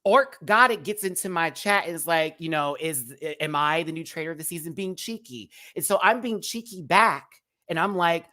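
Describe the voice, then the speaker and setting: A man's voice: on the high side, normal speed, hardly any pauses, bright, forceful tone. A man hosting a live review show who rants at a critic in a sassy, cutting way, throwing out pet names like sweetie and baby. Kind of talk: live confrontational rant to a critic.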